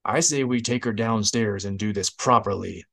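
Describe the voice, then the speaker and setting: A woman's voice: rumbling low, normal speed, vocal fry, full character voice. A man voicing a haughty, impatient female Imperial officer. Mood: exasperated. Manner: impatient and scornful.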